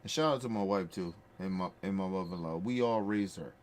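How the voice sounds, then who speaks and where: Low-voiced man, emphatic casual storytelling. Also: fast, slight background noise. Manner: emphatic, repetitive, profane, heartfelt. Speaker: podcast host.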